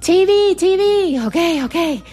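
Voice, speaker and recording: A woman voicing her excited four-year-old daughter, chanting the same few words over and over in a squealy child's voice. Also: very high-pitched, a little slow, faint music behind, pitched above the performer's own voice. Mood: eager.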